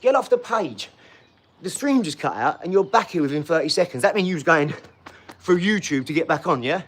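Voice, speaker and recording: A man, ranting on a live stream, loud, mocking and swaggering, full of street slang. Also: on the high side, big pitch swings, brisk, a little hiss or hum. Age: 40s. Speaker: livestream host. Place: garage.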